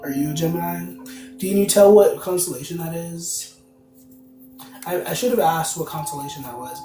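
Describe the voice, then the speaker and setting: Chatty man reading tarot on livestream. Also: on the high side. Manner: rambling, chatty, answers viewer comments aloud. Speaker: tarot card reader, livestream host. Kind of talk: casual livestream chat. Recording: roomy, distant mic, music behind. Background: music playing.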